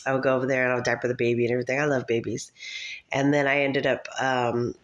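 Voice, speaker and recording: A woman's voice: a bass voice, level tone, quick pace, lo-fi sound. Mom in her 30s just rambling at the camera, laughs a lot, all over the place. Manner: chatty, scattered, laughs often. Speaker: vlogger, mother. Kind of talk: rambling casual monologue.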